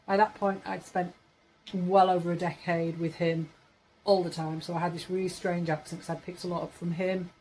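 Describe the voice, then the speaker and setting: A woman's voice: lowish voice, little pitch movement, normal speed, a little mellow, a little hiss or hum, low-quality recording. A woman in her forties from Yorkshire, England, chatting casually to camera in a rambling way, correcting herself as she goes. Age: 40s. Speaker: vlogger.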